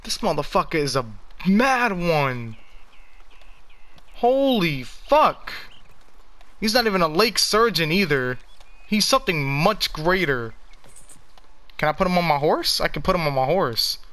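A man casually commenting while playing a video game, excitable and swearing a lot. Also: a little high, moderate pace. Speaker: gamer.

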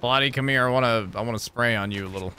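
A man's voice: medium pitch, rapid-fire, bright, forceful tone, slight background noise. A man from New Jersey chatting playfully while streaming a video game. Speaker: gaming streamer. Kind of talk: casual live-stream commentary.

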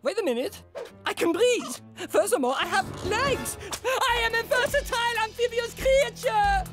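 A brash cartoon fish bandit, voiced by a woman, swaggers through slangy boasts. His voice sits extremely high and leaps around animatedly. A loud cartoon score plays behind him. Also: lively intonation, normal speed. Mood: swaggering. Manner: slangy, swaggering, ends lines with yo. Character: brash bank-robbing male fish turned frog. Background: cartoon music score.

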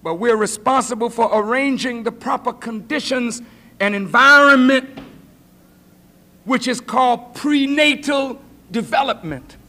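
A man preaching a sermon lecture as minister, shouting for emphasis and acting out the voices of others. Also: very high-pitched. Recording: 1980s lecture hall recording.

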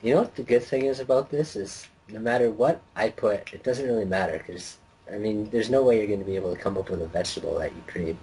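A laid-back young man co-hosting a casual game chat, wry and relaxed. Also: lowish voice, quick pace, hardly any pauses, slightly rough, low-quality recording. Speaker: co-host.

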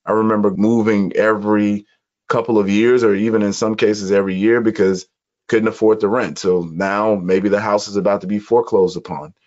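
A man from Chicago, a podcast guest, telling his life story in an earnest, measured way during an interview. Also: fairly low pitch, flat delivery, a little mellow. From Chicago, USA. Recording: dull lo-fi audio.

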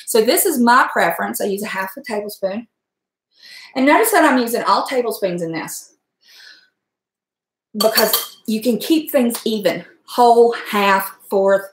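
A middle-aged cooking vlogger chats and rambles to her viewers while cooking in her home kitchen. Her medium-pitched voice has a roomy sound, with slight background noise.

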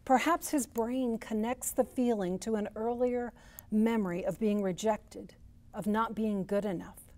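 A woman's voice: mid-range voice, unhurried, darkish tone. A woman therapist giving a church teaching, telling a scripture story and voicing people's thoughts with rising force.

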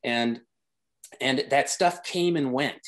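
A man's voice: mid-range voice, slow pace. A man talking as a guest designer in a casual interview, rambling with many restarts and growing enthusiastic.

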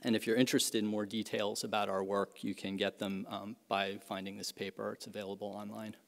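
A middle-aged man, an economics professor, giving a measured academic lecture with frequent fillers and restarts. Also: lowish voice, level tone, gravelly. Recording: reverberant lecture hall.

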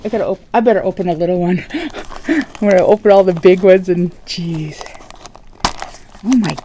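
A woman's voice: lowish voice, normal speed, a little hiss or hum, rough recording. A woman opening craft gift packages on camera in a casual vlog, gasping and gushing, sometimes dropping to a whisper. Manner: gushing, gasping, often drops to a hushed whisper. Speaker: crafting vlogger. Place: home, at a dining table.

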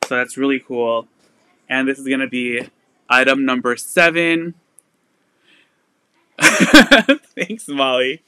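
Man, young adult, live sale host, casual chatty talk, bright, smooth clean tone. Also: medium pitch, takes it slowly, long pauses, no room sound. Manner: chatty, with frequent "like" fillers and laughs. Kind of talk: casual live-stream chat.

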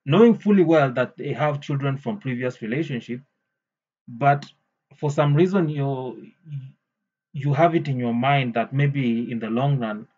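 A man's voice: mid-range voice, measured pace, a little mellow, husky. Male commentator, blunt and cussing, muffled lo-fi audio. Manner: blunt and opinionated, swears freely. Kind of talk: casual commentary reacting to a clip.

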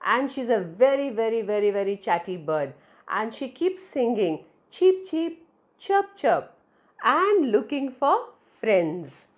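A woman telling a picture story to young children, drawing out her words in a slow, expressive way. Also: a little high.

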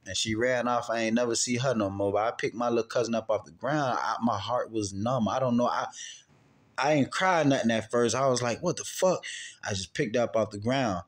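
Man, casual storytelling, swearing, rambling, loud then quiet. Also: a little fast. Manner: profane, rambling, swings from loud outbursts to low quiet recounting. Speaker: channel host answering questions.

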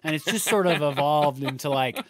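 A man's voice: on the high side, a little fast, no echo. A man co-hosting a podcast about plays, talking earnestly in casual chat and often restarting his sentences. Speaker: podcast co-host.

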